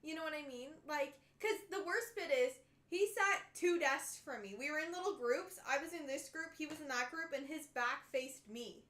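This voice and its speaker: A young woman chatting casually while building a model, telling a school story with lively acted-out quotes. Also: high voice, moderate pace, hardly any pauses, echoey room. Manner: animated storytelling, acts out quotes. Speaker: stream co-host.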